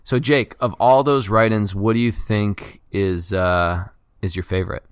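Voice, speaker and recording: A man with a fairly low voice hosts a casual sports podcast. He reads listener write-ins at a quick clip and teases his co-host in a loose, joking way. The recording is close and dry, with no room sound. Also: fairly even intonation, smooth, no echo.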